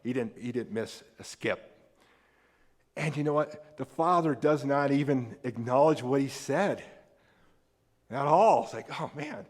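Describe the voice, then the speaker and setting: An American man preaching a sermon as a pastor, animated and acting out the people in the story with big jumps in voice. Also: unhurried, pauses often. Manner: animated, acts out quoted characters with big pitch jumps. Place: church sanctuary. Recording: long hall reverb.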